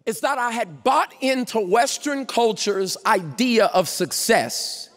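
A male pastor preaching at a conference, emphatic, shouting out scripture and slowing down for key points. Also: very high voice, expressive. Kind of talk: conference sermon.

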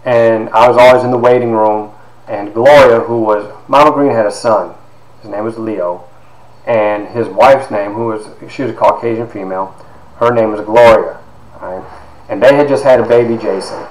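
A man in his fifties from Ohio, telling a personal story in an animated way with lots of quoted dialogue and fillers. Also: lowish voice, moderate pace. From Ohio, USA. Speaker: podcast host and author. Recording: echoey room with faint background noise.

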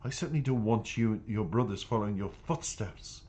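A man's voice: fairly low pitch, brisk, a little mellow, close to an everyday voice. A man voicing a stern older woman who runs a boys' home, scolding in a storybook reading.

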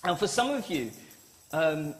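High-voiced preacher. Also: male voice, big pitch swings, unhurried. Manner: playful, acts out little dialogues. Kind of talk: family-service sermon. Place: church.

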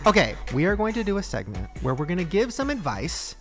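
A man's voice: sits high, big pitch swings, brisk, a bit bright, faint music behind. A man hosting a podcast, chatty and giggly, running segments and plugs. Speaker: podcast host. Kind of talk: casual podcast chat.

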